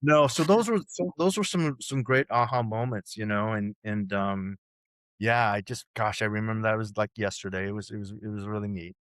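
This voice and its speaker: A man's voice: fairly low pitch, steady tone, normal speed, fairly bright tone, dry recording. Podcast guest, sixties, male: rambling, salty storyteller, dry close mic. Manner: rambling, profane, many restarts and "you know"s. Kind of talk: casual storytelling chat.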